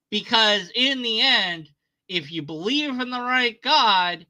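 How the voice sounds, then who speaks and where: A man's voice: high-pitched, pushed and bright, rough recording. A man sarcastically retelling a story in casual commentary, mocking the people in it.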